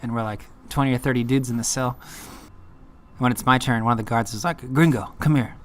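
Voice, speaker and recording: A laid-back man spinning a story in loose vlog fashion, his voice at an ordinary middle pitch. He rambles along, leaning on filler words. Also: fairly even intonation, a little fast. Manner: rambling, laid-back, full of "like" and "you know". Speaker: uncle telling his own story.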